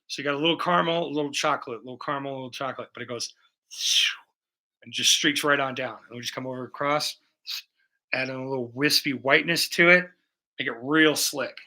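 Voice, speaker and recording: A young man livestreams while painting, talking fast in a medium-pitched, bright, forceful voice. He chats loosely and profanely with viewers as he explains his brushwork.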